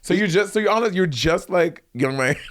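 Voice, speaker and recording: A man in his thirties co-hosting a casual podcast, chatty and animated, laughing often. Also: high-pitched, fairly quick. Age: 30s. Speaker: podcast co-host. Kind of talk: casual chat.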